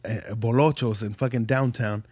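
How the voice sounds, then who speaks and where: A man's voice: medium pitch, steady tone, normal speed, a little mellow, breathy edge, dry recording. A young adult man, a podcast guest, telling stories in rambling, profane, slangy casual talk. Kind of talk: casual storytelling.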